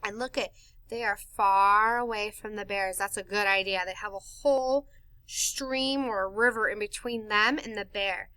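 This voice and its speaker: A woman reading a picture book aloud to children in an animated, sing-song way, stopping to explain words. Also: mid-range voice, normal speed, dry recording. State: tickle in her throat. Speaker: storytime reader for children.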